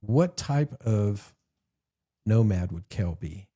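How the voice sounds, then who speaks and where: Man, podcast co-host, mellow and husky, rambling storyteller. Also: lowish voice, expressive, slow pace. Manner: rambling storyteller, laughs at own jokes. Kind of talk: casual chat and joke telling.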